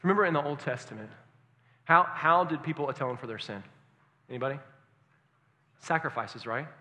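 A male pastor preaching a sermon, asking the congregation questions and swinging from hushed tones to loud emphasis. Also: fairly high pitch, moderate pace. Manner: engaging, asks the congregation questions. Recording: long hall reverb.

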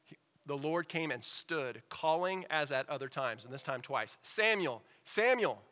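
A man preaching a sermon as pastor, reading scripture and explaining it, moving between quiet asides and loud emphatic peaks. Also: medium pitch, moderate pace.

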